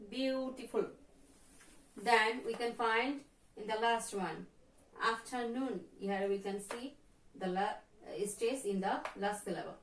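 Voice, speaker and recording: Slow, echoey Bangladeshi woman teacher. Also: fairly high pitch, a bit bright, a little hiss or hum. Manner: repeats words for pronunciation drill. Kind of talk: slow classroom lesson. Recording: echoey room from far off.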